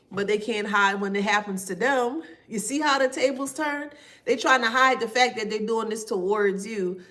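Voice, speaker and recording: A woman giving casual spiritual commentary to her viewers, slow and drawn-out, sarcastic and laughing often. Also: medium pitch, fairly bright tone.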